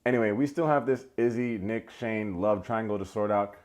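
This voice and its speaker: A recap video host goes over a dating show with sarcastic, playful commentary, mimicking the people he quotes. His voice is on the low side with a darkish tone, and he speaks at a moderate pace.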